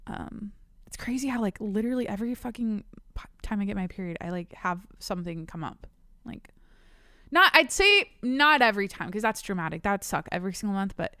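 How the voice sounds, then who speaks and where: A woman's voice: mid-range voice, lively intonation, brisk, bright, forceful tone, no room sound, clean studio sound. Candid young woman hosting a podcast. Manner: candid, rambling, swears freely. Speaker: podcast host. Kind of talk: casual solo podcast chat. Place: home studio. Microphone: studio mic, on camera.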